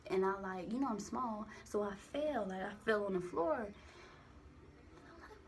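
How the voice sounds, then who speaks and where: A woman's voice: mid-range voice, lively intonation, normal speed, a little hiss or hum. A young woman telling a personal story into a phone camera, rambling and candid with lots of profanity and slang. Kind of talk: casual storytime monologue.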